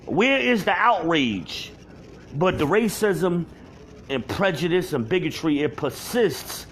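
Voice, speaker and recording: A man shouts an angry rant into his camera alone at home, profane and heated. His voice sits fairly high, and a faint hiss runs under the recording. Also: animated, takes it slowly. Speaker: vlogger.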